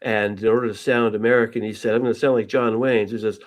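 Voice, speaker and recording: A man's voice: on the low side, level tone, quick pace, few pauses. Theatrically apologetic man. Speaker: podcast co-host. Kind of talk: casual chat.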